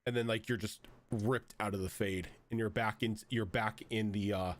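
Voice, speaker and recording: A man's voice: fairly low pitch, fairly even intonation, moderate pace. A man narrating as game master of a tabletop role-playing game, talking in loose, rambling sentences full of fillers. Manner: rambling, many fillers and restarts.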